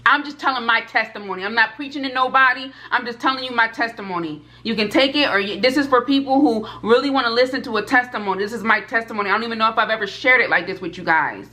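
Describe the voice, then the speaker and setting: A woman in her twenties speaks to her camera audience with fervor. She leans on repetition and emphasis. Her voice sits a little high and rings bright and forceful. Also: fast talker, few pauses. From United States. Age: 20s. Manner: addresses viewers directly. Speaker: food vlogger. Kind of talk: personal testimony to camera.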